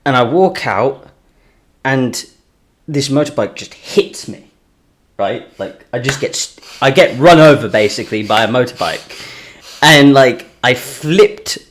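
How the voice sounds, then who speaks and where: A man in casual conversation telling a story in a relaxed way, with frequent fillers. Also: mid-range voice, unhurried. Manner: relaxed storyteller, peppers his talk with "like".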